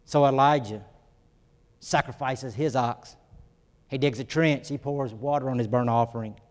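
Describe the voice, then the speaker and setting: At a medium pitch and normal speed, a pastor preaches earnestly in a hall with long reverb, lifting his voice for emphasis and raising it further as he acts out quotes.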